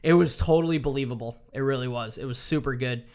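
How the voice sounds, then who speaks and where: A man in casual chat, excitedly recapping a TV episode, swearing often and acting out the characters' lines. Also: mid-range voice, fast talker. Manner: excited, swears a lot, acts out quotes. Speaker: podcast co-host.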